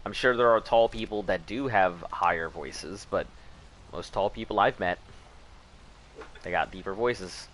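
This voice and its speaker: Joking man, lowish voice. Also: unhurried, pauses often, fairly bright tone, a little hiss or hum. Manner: rambling, jokey, laughs at his own jokes. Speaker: gaming live-stream host. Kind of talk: casual chat while streaming a game.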